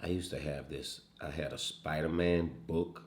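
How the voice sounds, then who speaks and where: A man with a western Louisiana accent in a relaxed, drawling couples chat, full of fillers. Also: extremely low pitch, normal speed, a little hiss or hum. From Louisiana, USA. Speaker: co-host, partner. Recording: echoey room.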